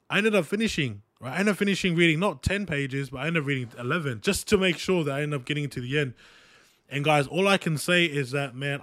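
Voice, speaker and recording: A man's voice: a little high, fairly bright tone, no room sound, clean studio sound. A young Australian man hosting a podcast, telling a personal story in an earnest, rambling way, often checking in with his listeners. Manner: earnest, repetitive, with frequent "right?" and "guys" asides. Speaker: podcast host. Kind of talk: casual motivational monologue.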